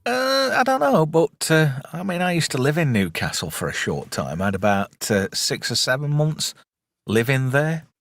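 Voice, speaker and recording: An Englishman chatting on a podcast, his pitch swinging up and down as he rambles. He jokes bawdily and trades stories. The sound is close and dry. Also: big pitch swings, moderate pace, a bit bright, no echo. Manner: bawdy, joking, rambling. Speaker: podcast co-host. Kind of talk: casual chat.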